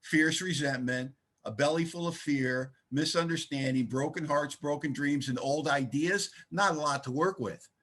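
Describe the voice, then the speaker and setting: A man's voice: a little high, moderate pace, few pauses, fairly bright tone. Emphatic folksy man telling his recovery story. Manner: emphatic, folksy storyteller with a blunt sense of humor. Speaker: speaker sharing recovery story. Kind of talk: speaker share at a recovery meeting. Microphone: video call.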